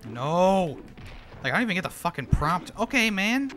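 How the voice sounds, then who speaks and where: A young man streaming a video game live, swearing and venting his frustration in loud outbursts. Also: high voice, sing-song, normal speed, soft background music. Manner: exasperated, swearing, frequent outbursts. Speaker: gaming streamer. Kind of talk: live gameplay commentary.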